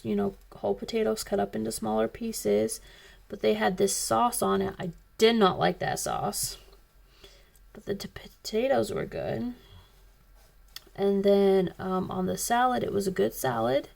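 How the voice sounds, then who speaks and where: A woman's voice: medium pitch, gravelly, a little mellow. A woman hosting a coloring video, telling a rambling, chatty story in casual talk. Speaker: coloring channel host. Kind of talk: casual chat while coloring.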